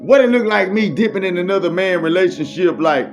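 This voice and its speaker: Man, fairly high voice, slangy repetitive preacher style, muffled lo-fi sound with soft music behind. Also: lively intonation, fairly quick, few pauses. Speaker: motivational speaker. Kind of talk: faith-based motivational monologue. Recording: muffled lo-fi recording.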